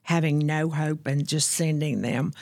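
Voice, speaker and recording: A woman guest telling her own story of addiction and recovery in an earnest, candid way, slowing down to stress key points. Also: sits low, fairly even intonation, gravelly, darkish tone, no room sound, clean studio sound. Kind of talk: personal testimony in conversation.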